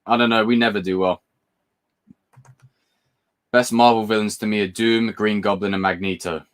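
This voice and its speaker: Hosting a livestream, this man from Britain speaks in a lowish, steady, resonant voice that comes across clearly at a normal speed. He rambles casually between subjects as he goes through comments from viewers.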